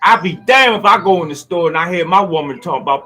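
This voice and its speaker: A man with giving a rambling, preachy motivational monologue that swings from loud outbursts to low asides. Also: lively intonation, fast. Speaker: speaker giving a motivational talk.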